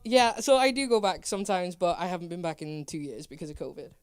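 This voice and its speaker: A woman's voice: lowish voice, expressive, fast talker, darkish tone, no echo. Young English woman, musician guest, playful and opinionated, dry studio sound. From England. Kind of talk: casual interview chat.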